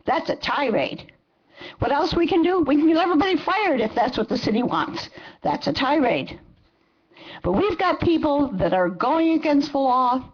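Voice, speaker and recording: An older woman in her seventies gives a fiery, emphatic public comment to a city council. Her voice sits high, and the meeting recording sounds dull and lo-fi. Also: expressive, moderate pace. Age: 70s. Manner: angry, impassioned, emphatic. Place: council chamber.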